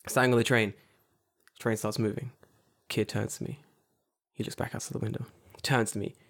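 A man tells a story in a relaxed, casual chat. He swears freely and acts out the other people in it with lively put-on voices. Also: fairly low pitch, normal speed. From United Kingdom. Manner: animated, profane storytelling with acted-out voices.

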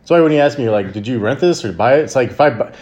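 A man's voice: medium pitch, animated, racing, a little mellow, dull audio. A man hosting a casual podcast chat, easygoing, who retells stories by acting out what people said.

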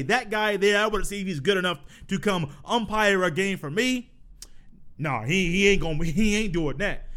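A man's voice: sits high, sharp tone. A man hosting a solo sports podcast who tells stories in a casual, chatty way, laughing and repeating himself. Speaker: podcast host.

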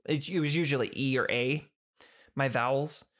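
Brief: chatty host telling a case story, mid pitch, conversational, self-correcting. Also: moderate pace, a bit bright. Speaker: podcast host narrating a case. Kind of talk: casual storytelling narration.

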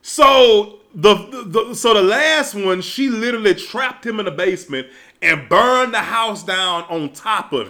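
Man, bright tense voice, swooping pitch, casual comedic rant, shouted outbursts. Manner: animated, profane, ranting with shouted outbursts.

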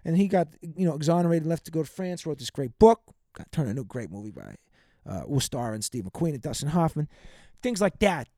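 Profane high-voiced man venting on a podcast. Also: sing-song, fairly quick, no room sound, studio quality. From United States. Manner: profane, rambling, shouts out listeners. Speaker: podcast host. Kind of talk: casual venting monologue.

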